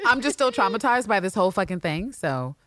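A woman co-hosting a podcast, recapping a TV episode in a casual, animated, profane way and acting out the characters' lines. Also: mid-range voice, moderate pace, no room sound, studio quality. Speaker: podcast co-host.

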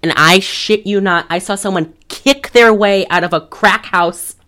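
A woman's voice: mid-range voice, unhurried, fairly bright tone, clean tone. A woman co-hosting a casual podcast, telling a profane, rambling story. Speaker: podcast co-host. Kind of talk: casual chat.

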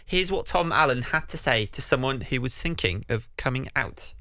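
An upbeat man hosts a radio podcast in a bright, forceful voice. He is effusive and chatty, and the recording is dry and close-miked. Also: medium pitch, expressive, moderate pace, no room sound. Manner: upbeat, effusive, reads out contact details.

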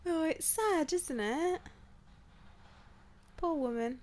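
A woman's voice: high voice, takes it slowly, a little mellow. A woman in laid-back casual chat as podcast co-host, swearing now and then.

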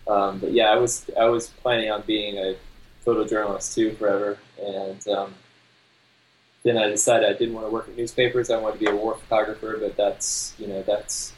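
A man's voice: on the low side, level tone, normal speed, slight background noise, poor audio. A man, a wedding photographer guest, talking in a laid-back, self-deprecating way. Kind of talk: casual interview.

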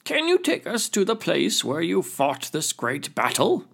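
A man voicing an elder male crayfish war chief in a storybook tale, questioning in a measured way. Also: on the high side, wildly swooping pitch, creaky, fairly bright tone, breathy edge, voice pushed up, exaggerated voice. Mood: doubtful.

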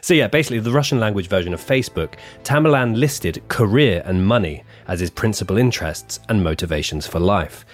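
A man's voice: fairly low pitch, lively intonation, a little fast, hardly any pauses, soft background music. A man co-hosting a true-crime podcast, reading his script with offhand asides and banter. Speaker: podcast co-host.

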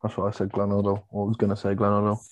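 A man's voice: lowish voice, monotone, rapid-fire, a little mellow, dull audio. A man co-hosting a casual football podcast, joking and guessing trivia answers. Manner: jokey banter, guessing answers. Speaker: podcast co-host.

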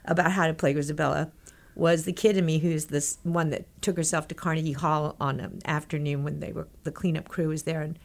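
Telling her long tale to an interviewer, this middle-aged woman from Texas speaks fairly fast in a low, creaky voice with few pauses. It's animated, breathless storytelling, full of quoted lines she performs in other people's voices.

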